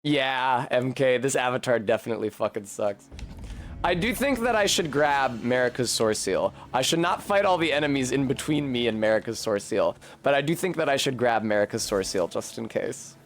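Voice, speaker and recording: A man's voice: mid-range voice, expressive, normal speed. A man chatting casually and swearing while streaming a video game, often laughing. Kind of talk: casual gameplay commentary.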